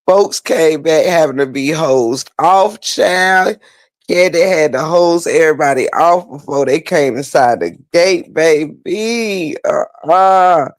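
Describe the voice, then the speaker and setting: A host with a fairly high voice takes it slowly in a casual recap for viewers, drawling Southern slang and calling everyone "child" and "baby". He laughs so hard he ends up crying. The recording is dry.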